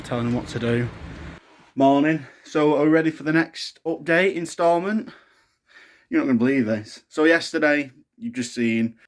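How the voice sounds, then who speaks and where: A young man talks straight to his camera in a tired, drained voice, exhausted and short on energy. He vents his frustration in a casual diary style, at a mid-range pitch. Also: background noise. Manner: frustrated, venting about hospital care. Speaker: new dad vlogger.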